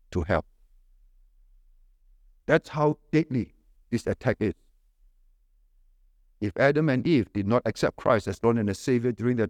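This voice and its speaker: A man preaching a sermon, emphatic, with rhetorical questions and sharp swings between raised stresses and low dropped endings. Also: dry recording, studio quality.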